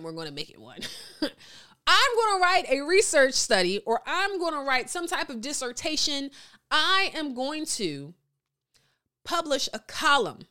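Her voice sits high with a sharp tone as this podcast guest talks candidly and casually in a studio. She laughs a lot, uses plenty of slang, exaggerates playfully, and reads live comments aloud.

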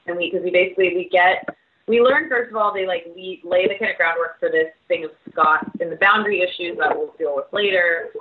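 A woman's voice: lowish voice, fairly quick. A woman in casual chat recapping a reality show, talking with lots of fillers and laughing often. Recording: tinny phone-like line with noise.

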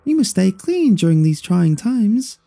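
A man putting on a shrill female puppet, bossy and prim, slow scolding singsong, husky undertone, dark timbre, faint music behind. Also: very animated, exaggerated voice. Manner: high scolding singsong, slowed and drawn out.

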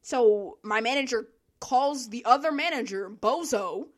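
A young woman tells a story from her job in a casual monologue. Her fairly high voice swoops up and down as she acts out the people she quotes, and she swears freely and laughs often. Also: expressive, a little slow. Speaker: vlogger telling a work story.

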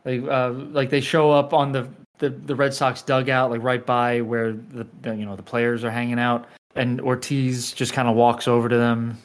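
A man's voice: mid-range voice, flat delivery, moderate pace, few pauses. A man co-hosting a casual movie podcast, joking and often repeating words as he restarts. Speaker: podcast co-host.

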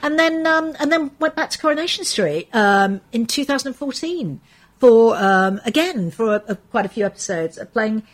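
A woman's voice: on the high side, animated, normal speed. Chatty older English woman, full of anecdotes. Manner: chatty, anecdotal, with frequent fillers and restarts. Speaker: soap actress guest. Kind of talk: casual interview chat.

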